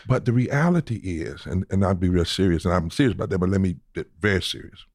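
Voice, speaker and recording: Male preacher interviewee, low voice, emphatic and scriptural, dry close mic. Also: animated, fast talker, a little mellow, no room sound. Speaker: guest preacher. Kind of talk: conversational interview answers.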